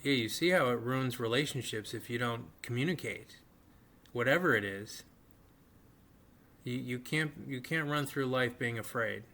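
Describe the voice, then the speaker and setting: A man with a bright, forceful voice gives calm, direct relationship advice. He keeps his point plain and blunt in a relaxed podcast chat. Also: mid-range voice, moderate pace. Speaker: podcast host, advice giver.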